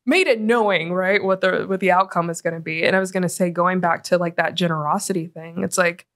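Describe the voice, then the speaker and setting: A woman guest, a nonprofit executive director, speaking in a casual interview, animated and full of "like" fillers. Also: fairly low pitch, fairly quick. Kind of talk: conversational interview.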